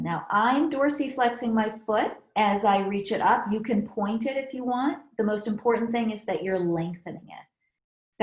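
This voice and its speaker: A woman with young kids teaching a pilates class. She gives calm counted breathing cues and adds chatty asides. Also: medium pitch, normal speed. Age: adult with young kids. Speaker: pilates instructor. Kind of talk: guided fitness class instruction. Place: fitness studio. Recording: echoey room.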